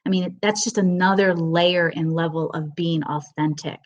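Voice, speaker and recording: A middle-aged woman teaching horsemanship, telling a personal story in a webinar with earnest emotion and halting restarts. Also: on the low side, fairly even intonation, highs cut off.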